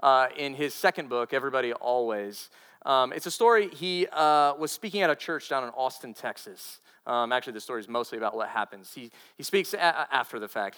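A man's voice: medium pitch, fairly bright tone, clear, resonant tone. A male pastor preaching a sermon and telling a story earnestly, often repeating himself and restarting phrases.

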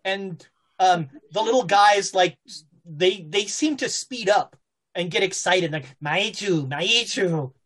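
A woman narrating a horror tabletop game as game master, halting with fillers and restarts. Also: medium pitch.

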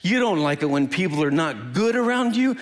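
A man's voice: on the high side, moderate pace, soft background music. A man from the American Midwest preaching in storytelling style, laughing and acting out the people in his anecdote. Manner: animated, laughing storyteller who acts out voices. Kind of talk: storytelling sermon.

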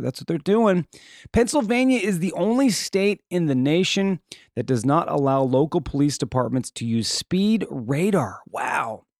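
A man's voice: fairly high pitch, darkish tone, no room sound, studio quality. A man hosting a podcast, reading odd news stories and adding joking, off-the-cuff asides. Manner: reads odd news items then riffs jokingly. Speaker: podcast host. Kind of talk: casual news commentary.

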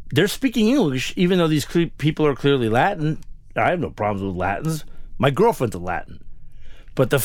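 A man's voice: a little high, dry recording, studio quality. Indignant man ranting a story. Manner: animated, indignant, profane. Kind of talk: comic ranting anecdote.

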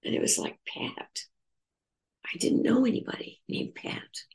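An older woman, an author in recovery, telling a personal story in a reflective, halting, earnest way. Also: a little mellow.

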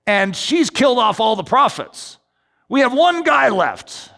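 Animated male preacher in a reverberant hall. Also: unhurried, gravelly. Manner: animated preaching with sudden high emphatic swings. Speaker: pastor. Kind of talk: sermon.

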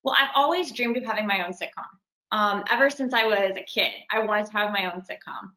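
A woman's voice: mid-range voice, fairly quick, pushed and bright, echoey room, poor audio. A young adult woman, an actress and singer, chatting animatedly in an interview and laughing now and then. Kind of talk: casual interview.

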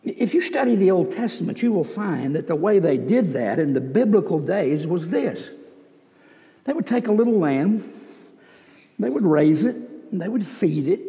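High-voiced preacher in a big hall. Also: male voice, sing-song, moderate pace, mellow. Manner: folksy storytelling, joking asides. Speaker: pastor. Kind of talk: sermon. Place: church sanctuary. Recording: reverberant church hall.

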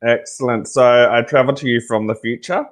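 A man's voice: mid-range voice, steady tone, normal speed. An Australian man from Australia, a guest founder of a nonprofit, talking in a joking, laid-back way in a casual interview.

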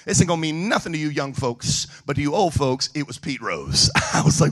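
A man preaching a sermon, telling funny stories in an animated, joking way. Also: a little high, fairly quick, hardly any pauses, slightly rough. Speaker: evangelist. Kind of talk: sermon storytelling.

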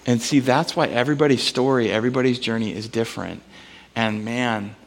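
A man's voice: mid-range voice, steady tone, brisk. Man preaching in a reverberant hall. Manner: conversational, storytelling, asks the congregation for amens. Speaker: pastor. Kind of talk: sermon.

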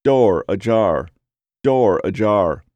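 A calm, emotionless female car computer intones its warning, as a male narrator imitates it, slow and evenly spaced. Every word lands in the same flat monotone. The read is dry and close. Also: fairly low pitch, no room sound.

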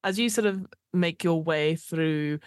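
A woman's voice: deep voice, a little slow, no room sound, clean studio sound. A woman as game master, improvising tabletop game narration in a descriptive, meandering way. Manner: descriptive, meandering, with frequent fillers.

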